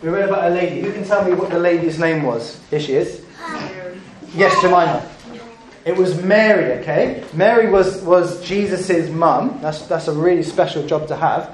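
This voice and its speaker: Man preacher, high voice, echoey church room, children's talk, lively and coaxing. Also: normal speed, noisy background. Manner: animated, playful, coaxing the congregation to join in.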